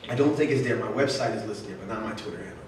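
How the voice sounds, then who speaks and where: With a fairly low voice, a male author races through a casual talk and Q&A for young readers, chatty and jokey and acting out the voices he quotes. It was recorded from far off in a very echoey event room at a literary center, with faint noise.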